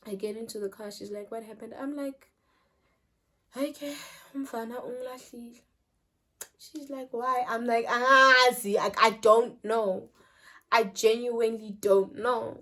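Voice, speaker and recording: A young woman with a South African accent telling a personal story in casual vlog chat, switching between loud bursts and quiet trailing phrases. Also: a little high, fairly even intonation, measured pace. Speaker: vlogger.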